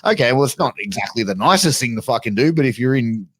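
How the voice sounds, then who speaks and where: A man's voice: medium pitch, quick pace, no room sound. A man hosts a casual podcast chat in a mid-range voice. He swears freely and jumps into quoted voices while telling stories. The sound is dry and close. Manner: animated storyteller, swears freely, acts out quotes. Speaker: podcast host.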